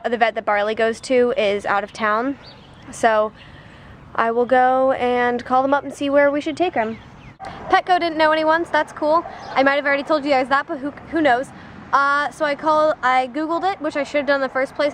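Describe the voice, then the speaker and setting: A woman's voice: fairly high pitch, fairly bright tone, a little hiss or hum. A young woman chatting casually to camera in a vlog, rambling and laughing as she talks. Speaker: vlogger.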